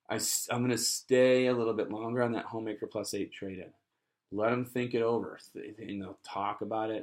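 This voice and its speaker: A man's voice: lowish voice, steady tone, fairly quick. Chatty man giving sales training. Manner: casual, chatty, acts out customer dialogue, many fillers.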